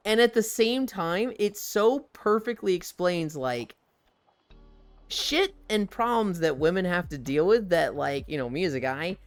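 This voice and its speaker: A man streaming live and chatting casually, telling stories in a profane, animated way and acting out the voices he quotes. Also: high voice, unhurried, no room sound, studio quality.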